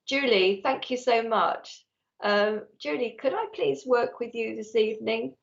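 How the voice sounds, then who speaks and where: A woman with a fairly high, gravelly voice speaks a bit slowly as a psychic medium on a live stream. Chatty and affectionate, she reads viewer messages through earphones with a mic, and the lo-fi stream audio sounds slightly dull.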